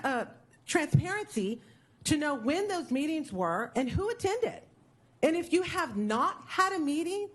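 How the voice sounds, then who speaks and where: An older woman, speaking with passion and indignation during public comment at a city board meeting. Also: sits high. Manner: impassioned, indignant, emotional.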